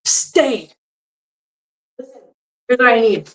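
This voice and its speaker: A woman with a somewhat high voice chats casually through a livestream while cleaning up at home. She drifts between chatter for her viewers and cooing baby talk to her cats. She sounds a little distant from the mic. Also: normal speed. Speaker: cat channel host. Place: home, doing chores. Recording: voice from far off the mic.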